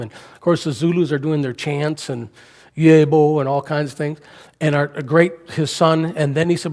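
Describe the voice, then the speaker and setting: A man's voice: on the high side, normal speed, darkish tone. An older man preaching a storytelling sermon, speaking conversationally and asking the congregation questions, recorded in a church sanctuary. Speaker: guest preacher. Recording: reverberant church hall.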